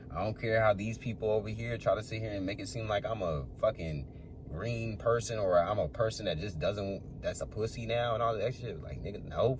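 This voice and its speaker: A man's voice: fairly low pitch, a little hiss or hum. A young man talking in a rambling, earnest monologue about faith and family, repeating himself and swearing freely. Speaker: channel creator. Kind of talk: casual spiritual monologue.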